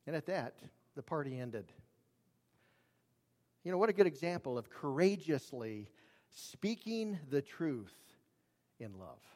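A man preaching a sermon, earnest and emphatic, dropping his voice low and raising it for emphasis. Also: darkish tone. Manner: earnest, emphatic, varies volume for drama. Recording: long reverb of a large hall.

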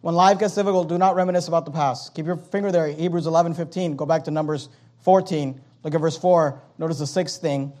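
Guy preaching a sermon, pretty high voice, reads old bible verses and does little voices. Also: fast. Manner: animated preaching, quoting King James scripture, acting out complaining voices. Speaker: pastor.

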